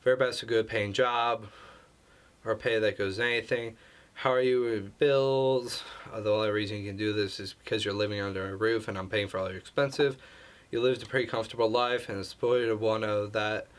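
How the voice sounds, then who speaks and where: A man reading out a stern, controlling mother's text messages in his own voice, with a lowish pitch. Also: steady tone, a little fast, close to an everyday voice. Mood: scolding. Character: stern controlling mother texting her daughter.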